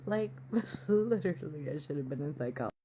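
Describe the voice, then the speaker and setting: A woman's voice: sits low, a little fast, dull audio, a little hiss or hum. A woman telling a casual storytime monologue, blunt, profane and candid, sometimes dropping suddenly into a whisper. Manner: animated, with sudden drops to a whisper.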